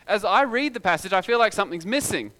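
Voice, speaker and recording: A man's voice: high-pitched, animated, fast, pushed and bright. A man preaching a sermon in a conversational way, full of rhetorical questions.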